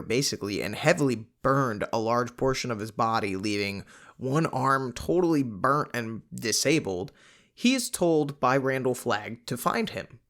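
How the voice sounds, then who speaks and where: A man hosting a podcast, recapping a novel in a casual, conversational way with frequent fillers and animated asides. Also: mid-range voice. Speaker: podcast host.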